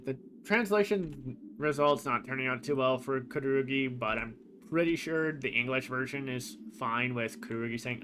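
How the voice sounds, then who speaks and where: A man's voice: medium pitch, noisy background. A man streaming a game, casually thinking aloud and reading quoted lines in a plain voice. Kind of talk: casual commentary on a game's translation.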